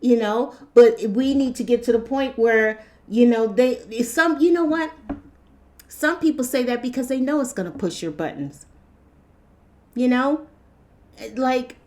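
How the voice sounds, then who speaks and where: A woman giving a casual opinion monologue, animated, repeating herself and acting out quotes. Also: a little high, a little slow. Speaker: vlogger.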